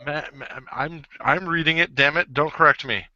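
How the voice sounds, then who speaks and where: A man's voice: fairly high pitch, normal speed, sharp tone, highs cut off, a little hiss or hum. A man co-hosting a casual podcast, reading out nominees and joking as he stumbles over the words. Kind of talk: casual chat.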